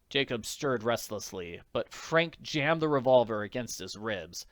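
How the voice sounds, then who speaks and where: A man reading an audiobook in an expressive narrating voice. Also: mid-range voice, moderate pace, hardly any pauses, dry recording, clean studio sound. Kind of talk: scripted narration.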